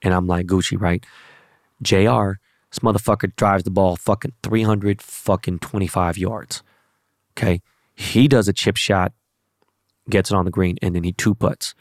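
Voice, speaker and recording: Brash profane man with a low voice. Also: fairly even intonation, normal speed, no room sound, studio quality. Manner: brash, profane, rambling slang-heavy talk. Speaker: vlogger. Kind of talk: casual profane monologue.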